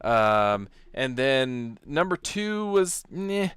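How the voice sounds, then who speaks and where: A man's voice: medium pitch, sing-song, very slow, a bit bright, smooth, no echo, studio quality. A man co-hosting a podcast, chatting casually with a laid-back, wry manner. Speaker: podcast co-host.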